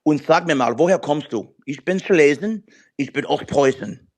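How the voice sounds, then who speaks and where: A man's voice: fairly high pitch, lively intonation, normal speed, husky. Eager German-accented male caller.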